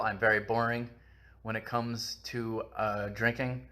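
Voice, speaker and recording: A man's voice: mid-range voice, unhurried, bright, forceful tone. A man hosting a casual live-stream book chat, talking on at length in a rambling, self-mocking way with lots of filler.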